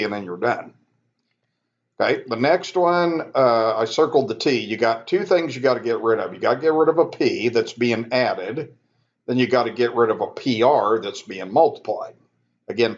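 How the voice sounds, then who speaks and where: Man, math instructor, casual step-by-step lecture voice, slightly muffled lo-fi recording. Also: medium pitch. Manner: relaxed, conversational, self-correcting, talks students through steps. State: yawning, sleepy.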